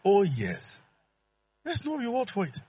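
A man preaching a sermon in an animated, playful way, calling out to the congregation. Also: sits high, measured pace, breathy edge. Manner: animated and playful, acts out dialogue, calls out to the congregation.

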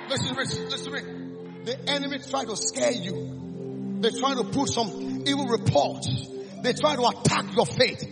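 A man preaching a call-and-response sermon at a church service, shouting exhortations and repeating phrases for the congregation to echo. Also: extremely high pitch, unhurried, vocal fry, over music.

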